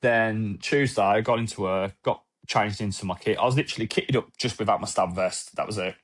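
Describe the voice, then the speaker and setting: In a podcast interview, a former police officer with a voice on the low side shares a candid, emotional personal account. He restarts haltingly, quotes dialogue and swears casually.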